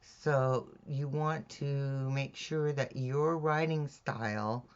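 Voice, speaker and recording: A woman teaching mystery writing in a measured, deliberate way, checking in with her listeners as she explains. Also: very deep voice, steady tone, clean tone. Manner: measured, deliberate, with "all right?" check-ins. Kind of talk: instructional talk on writing craft. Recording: dull lo-fi recording.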